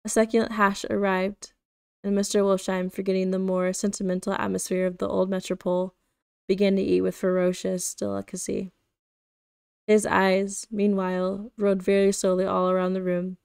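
Woman reading a book on stream, flat, gravelly tone, dry sound. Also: medium pitch, normal speed, dry recording. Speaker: streamer reading a novel aloud.

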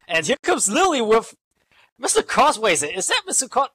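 A commentator calling a virtual wrestling show in casual play-by-play, excitable and swearing freely. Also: medium pitch, husky, no room sound. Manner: excitable, swearing, quick asides.

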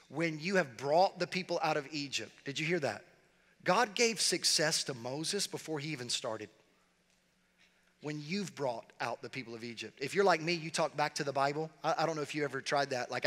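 A middle-aged man preaching a sermon as pastor, animated and repeating phrases as he speaks straight to the congregation. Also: fairly high pitch. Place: large church sanctuary. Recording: long reverb of a large hall.

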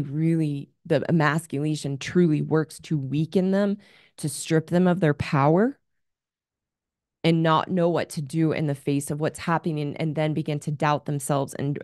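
A woman's voice: deep voice, fairly even intonation, moderate pace, darkish tone, no echo, clean studio sound. A woman hosting an advice show as a relationship coach, talking in an earnest, candid coaching tone. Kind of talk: advice monologue.

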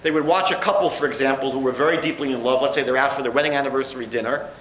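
A man giving a lecture as a rabbi and educator, lively in his delivery and acting out quoted dialogue. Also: mid-range voice, very fast, a little hiss or hum. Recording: echoey room.

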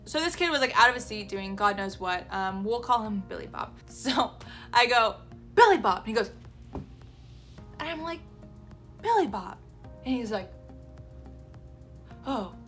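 A woman in her twenties, an elementary school teacher, telling classroom stories in a casual vlog. She is animated, laughs often and acts out the kids' lines. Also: fairly high pitch, normal speed, soft background music.

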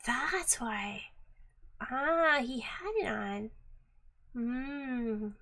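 A woman's voice: fairly high pitch, very slow. A woman streaming herself as she learns Japanese, chatting casually and giggling often. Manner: giggly, laughs often and openly; chatty, reacts out loud to the app. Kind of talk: casual live-stream chat.

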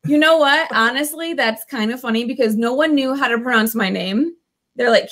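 A woman's voice: high voice, moderate pace, a bit bright. A woman guest in a casual livestream chat, playful and teasing.

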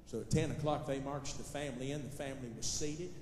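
A man doing stand-up storytelling for a live audience, folksy and building to loud punchlines. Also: mid-range voice, fairly even intonation, quick pace, slight background noise. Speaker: gospel comedian telling a story on stage. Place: large hall with live audience. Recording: echoey hall recording.

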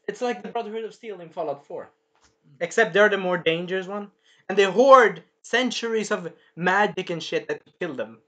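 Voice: mid-range voice, fairly bright tone. A reviewer giving a casual spoken episode review, rambling and swearing, with many fillers and restarts. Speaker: show reviewer.

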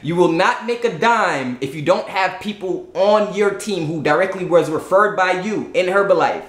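A man's voice: high-pitched, expressive, moderate pace, reverberant. A man with a Southern US accent giving a casual explainer monologue, blunt and salesy, checking in often with "right?". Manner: repeats "right?" and "you get what I'm saying", blunt and salesy. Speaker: YouTube host explaining a sales plan.

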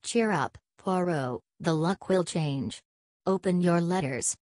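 A woman's voice: fairly low pitch, slow pace, a little mellow, dry recording, studio quality. A woman reading a cheery young male friend. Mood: cheerful. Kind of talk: audiobook character reading.

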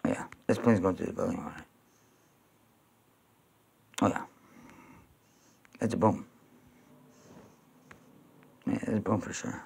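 Gravelly, husky man rambling to camera. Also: takes it slowly, pauses often. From New York. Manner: rambling and repetitive, breaking into loud high-pitched pleading. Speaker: video blogger.

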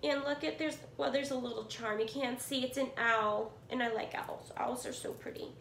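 Gushing woman, high voice. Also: moderate pace, vocal fry, roomy sound, slight background noise. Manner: gushing, excitable, talks to viewers as friends. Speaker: yarn swap vlogger. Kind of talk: casual unboxing chat. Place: cluttered room at home.

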